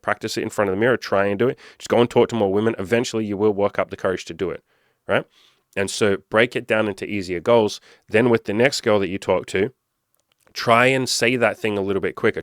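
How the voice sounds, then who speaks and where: A man's voice: lowish voice, fairly bright tone, no room sound, clean studio sound. A man hosting a question-and-answer show, giving blunt, profane dating advice and acting out example lines. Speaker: podcast host answering listener questions. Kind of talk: casual advice monologue.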